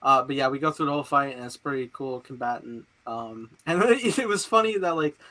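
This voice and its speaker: A young man hosting a casual podcast chat, excitable, laughing often and swearing. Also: mid-range voice, fairly quick. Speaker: podcast host.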